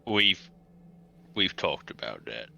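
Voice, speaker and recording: A man's voice: low-pitched, very animated, slow, vocal fry, bright, forceful tone. A man in casual chat during a tabletop game, wry, teasing and matter-of-fact.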